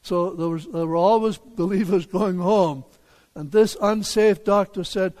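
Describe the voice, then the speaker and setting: An older man, a pastor, preaching a sermon in a deliberate, emphatic way, with rhetorical questions for the congregation. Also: high-pitched, a little mellow. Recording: long hall reverb.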